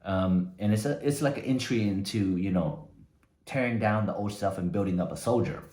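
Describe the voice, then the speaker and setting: Man, motivational talk, low voice, conversational, echoey room. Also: moderate pace, a little mellow. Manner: conversational, frequent "right?" tags. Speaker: motivational speaker.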